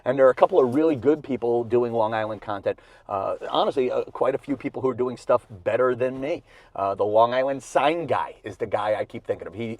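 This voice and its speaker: Inside his car on a cold day, a comedian drives and hosts his podcast, rambling in a self-mocking style with frequent fillers and restarts and a little out of breath. His medium-pitched voice has a darkish tone. The sound from the car's video camera is dry.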